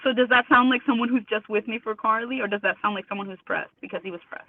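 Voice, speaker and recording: A woman's voice: fairly high pitch, fast. Indignant woman on a tinny phone line. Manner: emphatic, indignant, quotes others with mimicked voices. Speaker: interview guest. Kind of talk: remote interview over a call.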